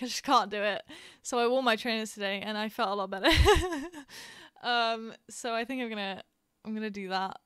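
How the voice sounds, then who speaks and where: A woman's voice: fairly high pitch, fairly bright tone, clean tone, dry recording, clean studio sound. A young woman from England streaming a game, chatting casually and telling stories with frequent giggles and fillers. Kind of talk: casual chat while gaming.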